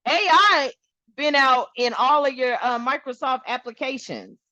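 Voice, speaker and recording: A woman hosting a spiritual channel, talking casually to her viewers in an animated, rambling way and swearing freely. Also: high-pitched, a little slow, no echo, lo-fi sound.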